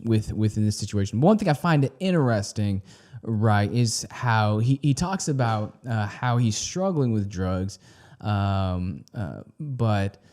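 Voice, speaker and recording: A man with a fairly low, dark, mellow voice hosts a music reaction video. He speaks casually and hesitantly, thinking aloud with frequent pauses and restarts. He often turns to ask his viewers questions. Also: lively intonation. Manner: asks the viewers questions directly.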